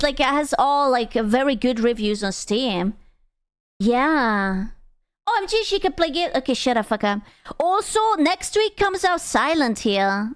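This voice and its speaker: Young woman streamer, high clear voice, excitable and sweary. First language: Hungarian. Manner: excitable, swears, squeals and gasps in reactions. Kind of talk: casual chat reading out chat.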